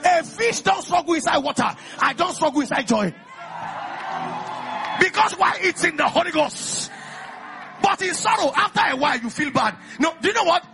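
A Nigerian man preaching with a very high, gravelly voice that leaps all over its range. He calls out to the congregation and often shouts. Soft music plays behind him. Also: lively intonation, moderate pace. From Ekiti, Nigeria. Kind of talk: lively sermon.

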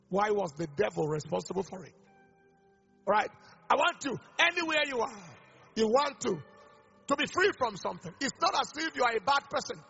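Fervent high-voiced pastor. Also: male voice, vocal fry, sharp tone, breathy edge, in a large hall, muffled recording. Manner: fervent, repetitive prayer declarations. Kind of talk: altar-call prayer sermon.

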